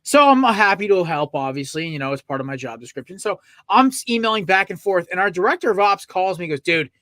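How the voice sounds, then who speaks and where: A man hosting a casual sports podcast, telling stories in an excitable, profane way with lots of asides. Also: high-pitched, fast talker, dry recording. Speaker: podcast host.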